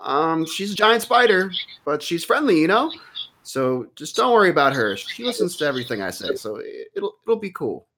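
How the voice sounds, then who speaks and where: A man's voice: a little high, very animated, normal speed, a bit bright, voice pushed up. A man putting on a nervous young halfling girl. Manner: shy, stammering, eager to please.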